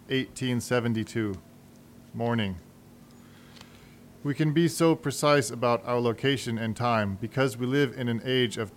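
Male storybook narrator, slow and wry, measured delivery, faint hum behind. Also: mid-range voice.

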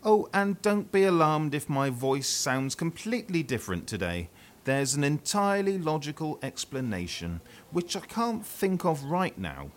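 A man voicing a wolf who puts on a sugary, high-pitched little girl's voice. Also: big pitch swings, moderate pace.

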